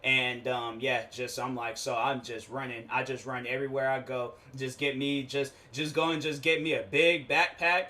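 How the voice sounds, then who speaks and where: Bright-voiced man riffing casually. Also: mid-range voice, normal speed, hardly any pauses. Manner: rambling, animated storytelling with frequent restarts; slangy, informal talk. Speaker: show host. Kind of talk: casual comedic monologue.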